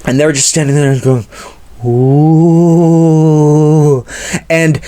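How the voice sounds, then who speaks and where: A man's voice: medium pitch, fairly even intonation, fast, darkish tone. A man telling an improvised comedy story, rambling and stammering, with constant filler words.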